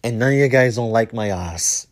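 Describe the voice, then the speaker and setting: Speaking at a normal speed, a male podcast host spins a rambling, profane, worked-up story. He says things over again and his voice drops away at the end of lines.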